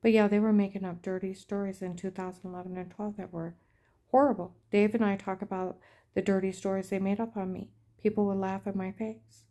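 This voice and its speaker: A woman's voice: medium pitch, flat delivery, brisk, warm tone. A middle-aged woman telling a rambling personal story in an aggrieved, indignant way. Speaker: vlogger.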